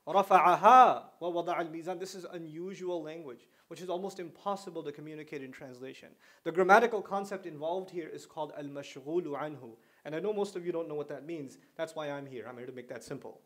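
A man giving a religious talk to a young audience, telling stories with big swings from quiet to loud and asking listeners questions. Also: sits high. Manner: animated storyteller with wide swings in loudness; conversational, asks listeners questions. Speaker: Islamic lecturer.

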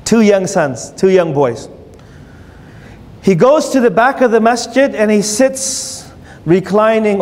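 A man's voice: high voice, darkish tone. A man giving a sermon, telling a story and asking his listeners questions. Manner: storytelling, asks the audience questions. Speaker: preacher. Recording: long hall reverb.

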